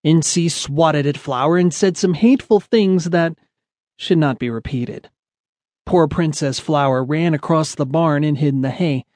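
A man narrating a children's audiobook in a lively storytelling manner. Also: on the high side, a little slow, no echo, clean studio sound.

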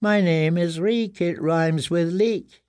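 A shattered captive whimpers and begs in a thin, squeaking voice, high above the narrating man's own register. He sobs and pleads, his words dragged out slowly. This storybook reading comes dry and close. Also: steady tone, no room sound, full character voice. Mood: tearful. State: crying. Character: broken, terrified male prisoner, half-mad.

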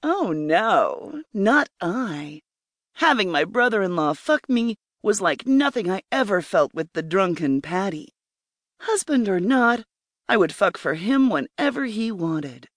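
Slow, intimate woman audiobook narrator. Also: medium pitch, sing-song, no echo, studio quality. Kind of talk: first-person erotic story narration.

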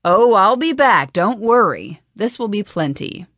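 A woman's voice: mid-range voice, big pitch swings, a little slow, fairly bright tone, dry recording, studio quality, voice pushed up. A woman voicing a playful young female dragonette with a light, breezy, teasing manner in an audiobook. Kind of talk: audiobook character voice.

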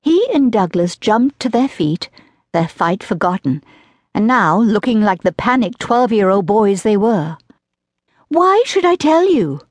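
A woman's voice: medium pitch, animated, measured pace, a little mellow, no room sound. Woman reading an audiobook, dry and close. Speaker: audiobook narrator. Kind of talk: scripted narration of a historical romance.

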